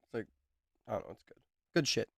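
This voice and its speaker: A man's voice: a little fast, fairly bright tone, no echo, studio quality. A man hosting a livestream, chatting casually in a laid-back, rambling way. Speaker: streamer host.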